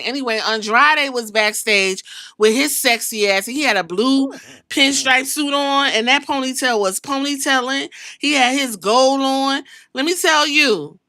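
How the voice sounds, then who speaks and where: A woman's voice: high voice, measured pace, sharp tone, no echo, clean studio sound. A woman hosting a podcast, recapping wrestling in a sassy, profane storytelling way and acting out what the wrestlers said. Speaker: podcast host.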